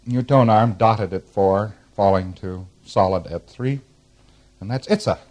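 A man's voice: on the low side, a little slow, a little mellow, a little hiss or hum. A man giving a classroom lecture. He walks through diagrams on a board, chuckles now and then, and acts out short examples as he explains. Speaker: instructor.

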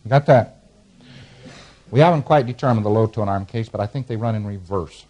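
A man's voice: fairly low pitch, a little fast, mellow. A man giving a classroom lecture. He walks through diagrams on a board, chuckles now and then, and acts out short examples as he explains. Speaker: instructor.

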